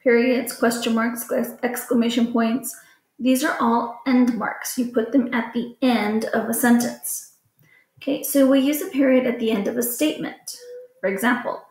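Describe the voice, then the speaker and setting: Woman, teacher, fairly high voice, patient plain explaining to children, recorded lesson, echoey room. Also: fairly even intonation, normal speed, darkish tone.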